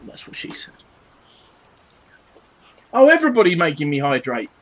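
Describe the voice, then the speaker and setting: A British livestreamer in his thirties, painting models at his home desk, swears in jest and chats with cheek. His fairly high voice is a bit bright, swings hugely in pitch, and moves at a normal speed. It's a rough recording.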